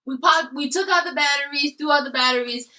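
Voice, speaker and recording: A woman's voice: sits high, a little fast, sharp tone, distant mic, low-quality recording. A woman hosting a casual eating video, animatedly telling a story. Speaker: host.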